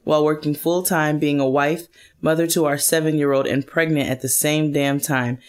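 A woman's voice: sits low, steady tone, normal speed, a little mellow. A woman co-hosting a podcast in casual chat, upbeat and laughing as she reads listener messages aloud. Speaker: podcast co-host.

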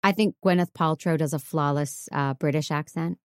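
Wry woman with a lower voice. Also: moderate pace, smooth, dry recording, clean studio sound. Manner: wry, teasing, opinionated. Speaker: podcast co-host. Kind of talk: casual movie chat.

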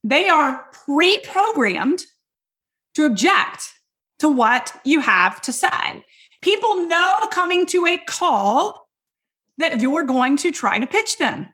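A woman with a high voice teaches in a loud, hyped-up way. She is emphatic and keeps checking in with her listeners as she coaches them. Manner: talks straight to listeners with frequent checks like "right?" and "okay?". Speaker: business coach and podcast host. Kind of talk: energetic teaching talk.

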